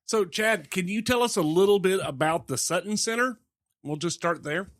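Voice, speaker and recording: Laid-back Oklahoman man, slightly high voice. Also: expressive, moderate pace, a bit bright, no room sound. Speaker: co-host. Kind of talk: casual banter.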